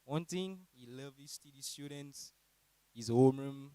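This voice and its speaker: Saint Lucian young man, late teens, lively graduation speaker, smooth clear tone. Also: a little slow, no room sound, rough recording. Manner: animated, mimics teachers in high voices. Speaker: graduating student giving a speech. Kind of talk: humorous graduation speech.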